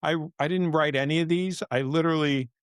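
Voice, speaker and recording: A man's voice: on the high side, fairly even intonation, fairly quick, clean tone, dry recording, clean studio sound. A middle-aged man co-hosting a podcast in casual chat, rambling a little, restarting sentences and laughing easily. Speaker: podcast co-host.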